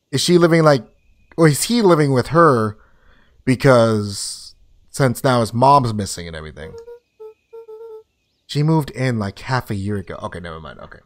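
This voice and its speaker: A man streaming a story game, talking in a loose, profane and jokey way. His pitch sits in the middle but swings around a lot as he reacts. He speaks close to his mic at home. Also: animated, moderate pace, pauses often. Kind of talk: casual gameplay commentary.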